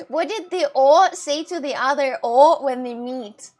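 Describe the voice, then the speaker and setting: A woman's voice: high-pitched, slow pace, a little mellow. A young woman with a Russian and British mixed accent, chatting casually with her live-stream chat and laughing often.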